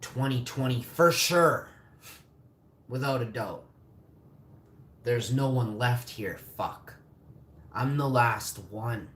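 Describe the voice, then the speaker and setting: A man's voice: medium pitch, expressive, slow, long pauses, a bit bright, a little hiss or hum. A man in his forties ranting angrily on a live stream, cursing and bitter. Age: 40s. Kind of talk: angry live-stream rant. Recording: echoey room, faint ambience.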